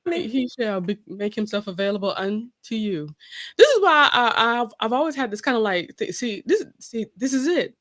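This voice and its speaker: A woman's voice: fairly high pitch, expressive, moderate pace, fairly bright tone. A young woman from South Carolina, hosting a casual chat, talking freely with restarts and laughs. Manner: chatty, laughing, stumbling restarts. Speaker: host.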